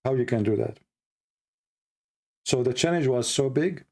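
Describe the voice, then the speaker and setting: A man hosting a livestream in non-native, broken English, talking emphatically with lots of "you know" and repeated words, and rising higher and more heated when he mocks his critics. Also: a little slow, darkish tone. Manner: emphatic, grows heated and high-pitched when mocking critics. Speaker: livestream host. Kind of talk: casual spoken monologue.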